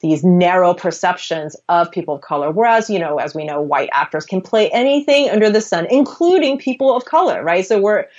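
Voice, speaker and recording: An American woman speaking in a conversational interview as an author, animated, laughing often and restarting her phrases. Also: lowish voice, brisk, few pauses, highs cut off.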